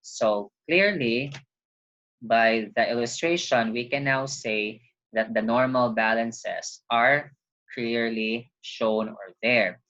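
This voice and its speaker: A man's voice: medium pitch, slow pace, sharp tone. A man giving a recorded accounting lecture, explaining patiently step by step and stopping often to remind listeners of key points. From Philippines. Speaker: accounting teacher. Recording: dull lo-fi recording.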